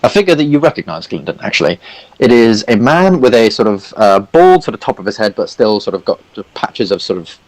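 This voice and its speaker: A man's voice: lowish voice, very animated, fairly quick, poor audio. A man narrating a tabletop game as dungeon master, rambling and full of "sort of"s. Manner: rambling, many fillers like "sort of".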